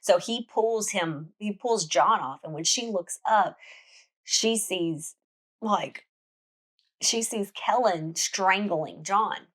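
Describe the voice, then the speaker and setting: A woman's voice: medium pitch, slow, fairly bright tone. Woman recapping a novel in casual chat. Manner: chatty storytelling with frequent restarts. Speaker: book podcast host.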